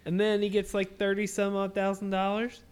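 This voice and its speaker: A man's voice: high voice, completely flat delivery, fairly quick, clean tone. A man co-hosting a casual podcast, talking in crude banter full of swearing, "like" and "uh.". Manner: heavy swearing, many fillers and restarts. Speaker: podcast co-host.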